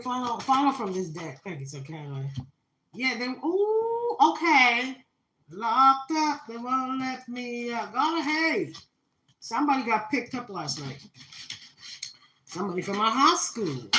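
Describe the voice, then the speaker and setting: A woman reads tarot cards live, talking dramatically to her viewers. Her voice is bright and her speech is full of fillers. She is recorded on a phone in an echoey room. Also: on the high side, big pitch swings, takes it slowly, pauses often, slight background noise. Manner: dramatic, spiritual, talks to viewers, many fillers. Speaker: tarot reader. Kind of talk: live-stream tarot reading.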